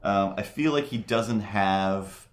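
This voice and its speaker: A man's voice: fairly low pitch, takes it slowly. A man hosting a live drawing stream, chatting casually in a rambling way with many fillers and restarts. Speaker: livestream host.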